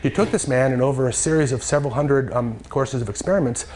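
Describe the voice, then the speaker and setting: A man giving a lecture from slides, halting and full of fillers and restarts. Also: medium pitch, darkish tone, a little hiss or hum.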